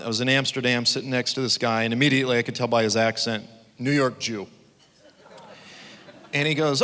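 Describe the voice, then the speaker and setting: Bright-voiced, animated male preacher in a hall. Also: mid-range voice, creaky. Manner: animated storyteller, acts out quotes with sudden shouts. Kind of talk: conference sermon.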